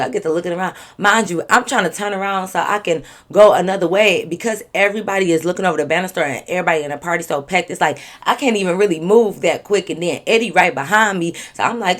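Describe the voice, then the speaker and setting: A young woman tells a personal story for her vlog, animated and casual, full of slang and swearing. Her voice sits a little low for a woman. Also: quick pace, hardly any pauses. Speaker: vlogger.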